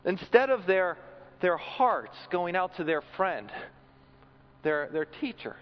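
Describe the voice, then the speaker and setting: A man's voice: high voice, sing-song, slow pace, lo-fi sound. A man preaching a sermon in an earnest way, often repeating words as he builds a point.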